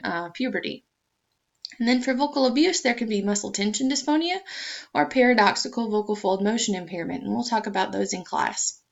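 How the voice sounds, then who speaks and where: A woman's voice: mid-range voice, creaky. A woman lecturing to students in an explanatory way, with frequent ums and uhs, on a dull lo-fi recording.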